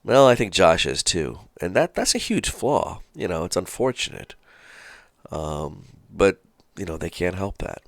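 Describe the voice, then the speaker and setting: A man's voice: deep voice, sing-song, a little slow, vocal fry, dry recording, studio quality. A man from hosting a trucking channel, talking in a rambling, folksy way with lots of fillers and asides. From Charleston, South Carolina. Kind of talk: casual rambling commentary.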